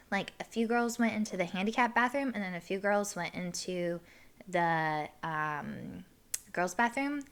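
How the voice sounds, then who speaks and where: A woman in her thirties tells a story on her podcast in a casual, animated way. She swears freely and loudly acts out what people said. Her voice is bright, crisp and clear. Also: on the low side. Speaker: podcast host.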